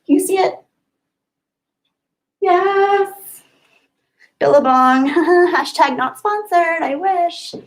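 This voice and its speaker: A woman's voice: very high voice, measured pace, poor audio. A young adult woman hosting a casual livestream, chatting and giggling as she answers viewers' comments by name. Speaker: livestream host.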